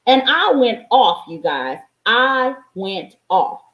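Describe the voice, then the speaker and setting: A woman's voice: on the high side, very animated, slow, echoey room, lo-fi sound. A woman life coach and mother talking straight to her viewers in an emphatic, preachy way. She repeats lines for stress and swears freely. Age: adult, parent of a young child. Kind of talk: motivational vlog monologue.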